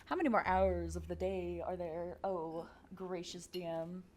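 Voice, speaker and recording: A woman playing a tabletop role-playing game, soft-spoken and hesitant, slipping between her character and table chat with giggles. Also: on the low side, measured pace.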